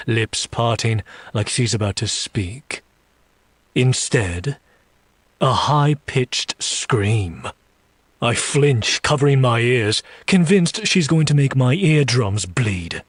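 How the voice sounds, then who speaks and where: A man narrating a dark romance audiobook, reading slowly and seductively and voicing a demon in first person. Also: on the low side, slightly rough, dry recording.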